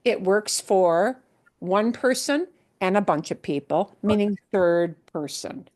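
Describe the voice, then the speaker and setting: A woman leads a Spanish lesson at an unhurried pace. She explains each point patiently, checks often that her students follow, and mixes English with Spanish examples. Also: mid-range voice, expressive, darkish tone. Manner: slow, patient explaining with many checks like "right?". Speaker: Spanish teacher. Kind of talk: live language lesson.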